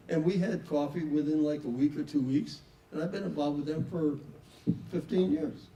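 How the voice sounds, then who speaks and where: A man's voice: fairly high pitch, moderate pace, warm tone. An older man, giving a casual, self-assured talk to an audience, full of anecdotes. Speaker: speaker at a networking event. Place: room with an audience. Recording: echoey room, mic far off, faint noise.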